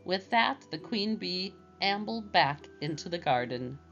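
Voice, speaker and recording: A woman gently narrating a children's storybook aloud. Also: fairly low pitch, a little slow. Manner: gentle and expressive. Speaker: storybook reader. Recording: dull lo-fi with faint music.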